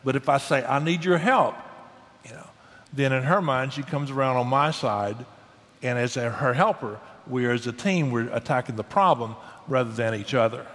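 An older man talking in an earnest, folksy way, offering practical advice and leaning into his stories with energy. His voice sits at an ordinary middle pitch and trails a long reverb, as if heard in a big echoing space. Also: normal speed. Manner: earnest, folksy, animated storytelling. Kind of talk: conversational advice.

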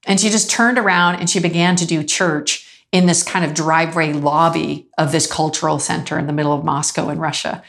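A woman preaching in a relaxed conversational way, telling stories, acting out the people she quotes and laughing now and then. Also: fairly low pitch. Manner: animated storytelling, acts out quoted voices, laughs often. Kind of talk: conversational sermon with storytelling.

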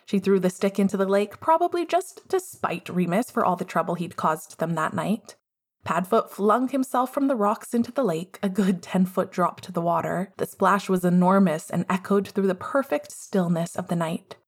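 A woman reading a fan story aloud in a calm, measured way. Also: mid-range voice, breathy edge. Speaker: audiobook reader. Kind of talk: storybook narration.

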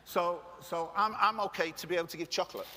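A male pastor preaching live, his fairly high voice bright and forceful. He jokes and talks straight to the congregation, and the sound rings with long reverb from the hall. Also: fast talker. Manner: jokey, chatty preacher who addresses the room directly. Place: church hall with live audience.

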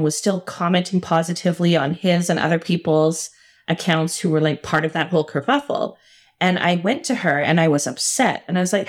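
A middle-aged woman with a slightly low voice tells a personal story as an interview guest. She speaks earnestly and stresses her points hard. She often breaks into a laugh. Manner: earnest and emphatic, with frequent laughs. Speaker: podcast guest.

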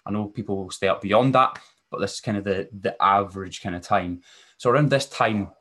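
Male podcast host, fairly low voice, easygoing rambling delivery with ums and restarts. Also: brisk, a bit bright. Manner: casual, rambling, frequent fillers and self-corrections. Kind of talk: solo podcast talk.

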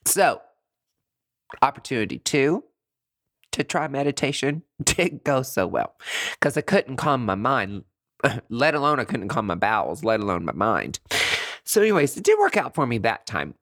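A podcast host telling a comedic personal story in a chatty, animated way, laughing often. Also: mid-range voice, moderate pace, pauses often, no room sound, studio quality.

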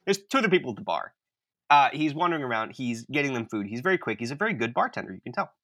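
A man co-hosting a podcast, telling a comic story in an animated, self-mocking way. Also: medium pitch, very fast. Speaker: podcast co-host.

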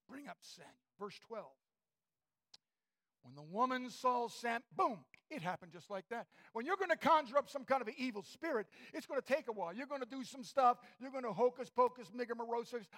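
Male preacher, very high voice, fervent sermon, shouts and hushed asides, church.

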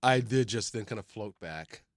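A middle-aged man from Detroit who hosts a film show, telling animated stories in casual chat and acting out the people he quotes. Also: lowish voice, normal speed, dry recording. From Detroit, USA. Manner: animated storyteller who acts out quoted voices.

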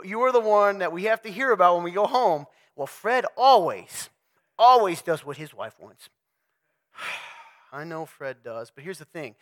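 Bright-voiced man preaching casually. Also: high-pitched. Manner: animated, jokey, direct address to audience. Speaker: speaker at a men's talk. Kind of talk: conversational sermon.

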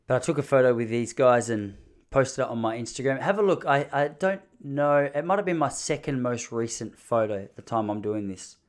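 A man's voice: medium pitch, brisk. A man in his thirties telling a story casually and with animation. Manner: animated, mimics the people in his stories. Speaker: vlogger.

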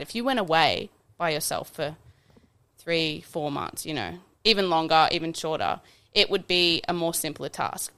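A woman's voice: low voice, lively intonation, moderate pace, sharp tone, clear, resonant tone. A woman reflecting in casual podcast chat, full of "like" fillers.

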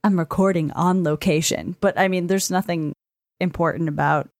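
A woman co-hosting a casual podcast chat from a friend's apartment, telling stories in an animated, excitable way and swearing freely. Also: on the low side, normal speed, no room sound, clean studio sound. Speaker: podcast co-host. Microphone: remote recording setup.

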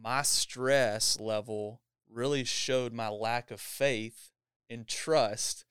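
A man's voice: medium pitch, fairly even intonation, drawn-out words, a bit bright, clean tone, dry recording, studio quality. A man hosting a church podcast, talking in an upbeat, casual interview style and laughing often.

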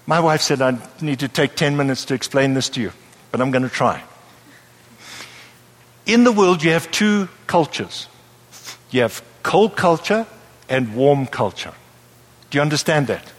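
Preacher with a light voice in a reverberant hall. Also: male voice, on the high side, unhurried, long pauses. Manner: lively, playful, asks the audience questions. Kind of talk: sermon. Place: church hall with a live audience.

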